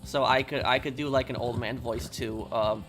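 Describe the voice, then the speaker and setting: An American man streaming casually, rambling with many halting pauses and reading chat comments aloud. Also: medium pitch, steady tone, background noise. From United States. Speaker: game streamer.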